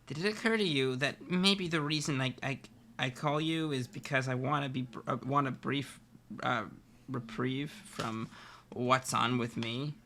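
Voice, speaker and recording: A man plays a sarcastic young troll woman with a dry, mocking wit. The voice is bright and crisp, his own natural pitch. It comes from a fan read-aloud of a web comic. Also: unhurried, a little hiss or hum. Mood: teasing.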